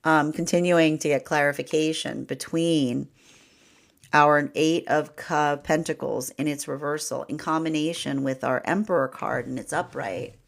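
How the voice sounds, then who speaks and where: A woman's voice: deep voice, unhurried, creaky. A woman giving a rambling livestream tarot reading, often acting out imagined inner voices and breaking into laughs. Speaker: tarot reader.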